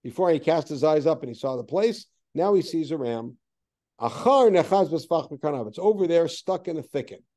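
A man leading a text study class, reading Hebrew verses aloud and then explaining them with lively, questioning remarks. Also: on the high side, normal speed. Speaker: teacher.

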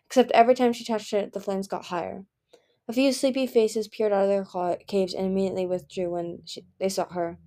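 A fan of a novel reads one of its chapters aloud in a steady, mellow woman's voice. She moves at a brisk clip, raising her pitch and volume whenever the characters speak.

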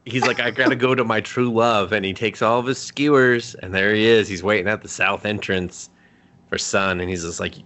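A man's voice: lowish voice, moderate pace. A man co-hosting a podcast, casually retelling an anime plot with lots of swearing and acted-out lines. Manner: animated retelling, acting out characters' lines; swears freely. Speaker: podcast co-host. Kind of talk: casual anime review chat.

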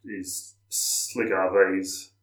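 An Australian man tells rambling stories in a relaxed podcast chat, slipping into put-on voices and swearing freely. His voice sits a little low, and the room around him rings with echo. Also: very slow. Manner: animated storyteller, acts out quoted voices, swears freely. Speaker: barbecue competitor, guest.

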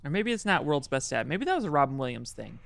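A male podcast host with a smooth, clear voice, heard close and dry. He needles his guests with fast, profane comedy banter. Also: mid-range voice, big pitch swings, a bit bright, dry recording. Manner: quick, teasing, swears. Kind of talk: improvised comedy chat.

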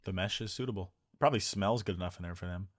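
A young man chatting casually and jokingly on a podcast, sometimes breaking into loud impressions. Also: sits low, quick pace, no room sound, clean studio sound. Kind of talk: casual chat.

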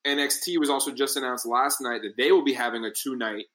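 A man's voice: medium pitch, fast talker. A man chatting casually on a podcast, recapping at length with many fillers and restarts. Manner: rambling, filler-heavy, animated recap. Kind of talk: casual podcast chat about wrestling.

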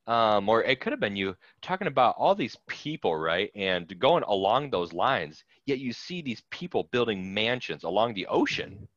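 A man's voice: lowish voice, big pitch swings, normal speed, hardly any pauses, fairly bright tone, no room sound. A man co-hosting a casual podcast, chiming in with wry agreement. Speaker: podcast co-host. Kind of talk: casual political chat. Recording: dull dry sound.

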